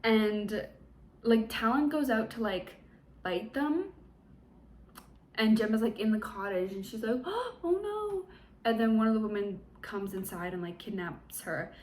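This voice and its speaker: A young woman talks through a book's plot in a loose, chatty recap. Her delivery is sarcastic and peppered with fillers, and her voice sits at a middling pitch. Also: unhurried, a little mellow. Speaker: book reviewer. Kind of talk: casual book recap vlog.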